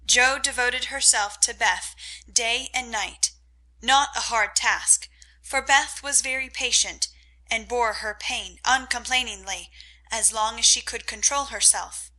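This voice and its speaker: A woman narrating a classic novel in measured, scripted audiobook style. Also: on the high side, bright, forceful tone, poor audio.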